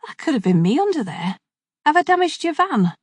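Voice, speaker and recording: A woman's voice: sits high, very animated, a little fast, no echo, pitched above the performer's own voice. A woman voicing an injured, chatty middle-aged man from Liverpool, speaking with a Liverpool accent. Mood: friendly. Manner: chatty and matey, groaning.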